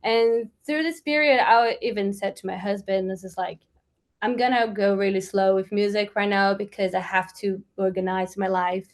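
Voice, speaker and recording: A woman's voice: mid-range voice, steady tone, moderate pace. A woman from Brazil with a Brazilian accent, a musician chatting casually as an interview guest, rambling with lots of fillers.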